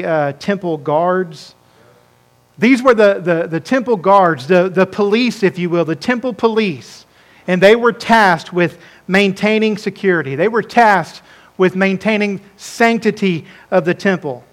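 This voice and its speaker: A man preaching a sermon, repeating words as he builds each point and dropping to a hushed voice for quoted speakers. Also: high voice. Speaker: pastor.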